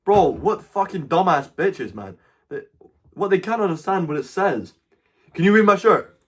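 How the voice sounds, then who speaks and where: A man's voice: high-pitched, animated, moderate pace, slightly rough. Brash, foul-mouthed Scottish man streaming. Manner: crude, swears freely, loud mocking outbursts. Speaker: live streamer chatting with strangers. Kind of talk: brash live-stream banter.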